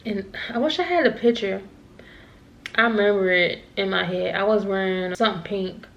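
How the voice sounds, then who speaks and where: A woman's voice: medium pitch, normal speed, gravelly, highs cut off. Rambling young woman telling a story. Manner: rambling, repeats herself, laughs at herself. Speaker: vlogger. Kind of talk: casual storytime.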